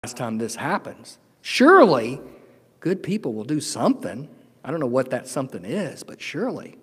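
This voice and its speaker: Man, middle-aged pastor, heartfelt sermon, loud then hushed, reverberant church sanctuary. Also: medium pitch, big pitch swings, moderate pace, slightly rough. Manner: earnest, emotional, swings from loud to hushed. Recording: long hall reverb.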